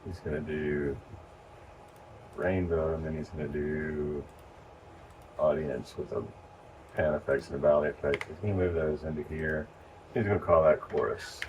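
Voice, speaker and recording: A man with a very low voice gives casual, step-by-step training to church volunteers. He is recorded from a distance, and faint noise hangs behind him. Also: normal speed, pauses often, highs cut off. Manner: relaxed, explains step by step. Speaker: lighting instructor.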